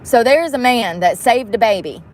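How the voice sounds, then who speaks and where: A woman's voice: a little high, expressive, normal speed, a little hiss or hum. A woman vlogging casually to her viewers, getting frustrated and cursing under her breath as she hunts for a video. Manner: frustrated, muttering and cursing while fiddling with a device. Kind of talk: casual vlog talk to viewers.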